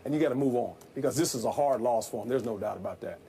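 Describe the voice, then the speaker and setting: A man, a former football coach, giving animated, folksy analysis in a sports debate and hammering the same point again and again. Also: mid-range voice, fast, a little hiss or hum.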